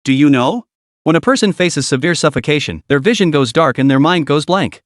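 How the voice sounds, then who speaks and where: A man's voice: a little high, lively intonation, a little fast, no room sound, studio quality, natural voice. A man putting on a sadistic mocking female interrogator. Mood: cold mocking. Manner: taunting, coldly sadistic.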